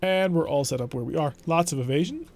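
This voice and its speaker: Wry young male streamer, slightly high voice, chatty play-by-play with mock exasperation. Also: fast, a little mellow. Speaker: gaming streamer. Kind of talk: let's play gameplay commentary.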